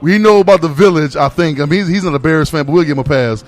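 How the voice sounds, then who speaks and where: A man co-hosting a radio show, telling an emphatic, animated complaint story. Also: fairly high pitch, fast, soft background music. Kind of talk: casual comedic rant.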